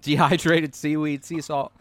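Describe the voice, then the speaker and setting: A man co-hosting a podcast, chatting casually during an eating challenge and reading out an ingredient list in a flat run. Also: on the high side, a little slow, dry recording. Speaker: podcast co-host.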